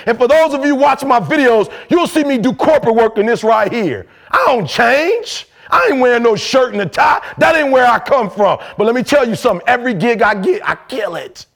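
A man in his forties from Detroit, giving a fiery motivational speech full of street slang and loud shouted bursts. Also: very high-pitched, gravelly. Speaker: motivational speaker.

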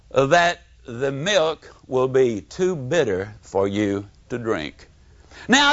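A man's voice: medium pitch, no room sound. An older man from Mississippi with a Southern accent, giving a motivational speech full of folksy stories and acted-out quotes. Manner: animated storytelling with folksy humor and acted-out quotes. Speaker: motivational speaker. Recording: dull lo-fi audio.

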